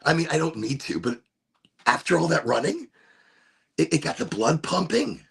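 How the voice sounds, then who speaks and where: Gravelly husky guy rambling on his home podcast, voice jumps up and down a lot, keeps restarting sentences. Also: a little high, very animated, moderate pace, a bit bright. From Florida. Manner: rambling, self-interrupting, laid-back. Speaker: podcast host. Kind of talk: casual solo chat. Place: home room with window cracked.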